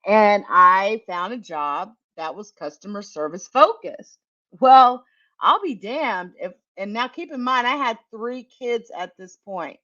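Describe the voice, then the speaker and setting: A woman's voice: mid-range voice, lively intonation, takes it slowly, bright, forceful tone. A middle-aged woman telling a candid, profane story from her working life in casual chat, laughing often. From United States. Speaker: tech channel host. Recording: dull lo-fi recording.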